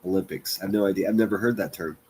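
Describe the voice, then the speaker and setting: A man's voice: low voice, very fast, a little mellow, slight background noise. A man hosting a livestream, giving crude, sarcastic reaction commentary and mocking what he plays. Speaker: commentary streamer host.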